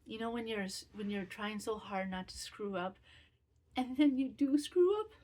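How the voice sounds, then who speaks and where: A woman's voice: on the high side, expressive, moderate pace, darkish tone. A woman in her fifties hosting a knitting podcast, talking candidly and self-critically in a rambling, casual way. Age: 50s. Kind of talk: casual personal chat.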